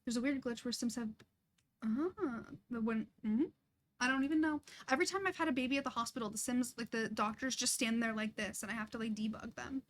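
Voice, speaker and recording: A woman's voice: on the high side, brisk, slight background noise. A young woman chatting casually and laughing often as she streams a life-sim game, chatty and self-deprecating. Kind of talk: casual live-stream chat while playing.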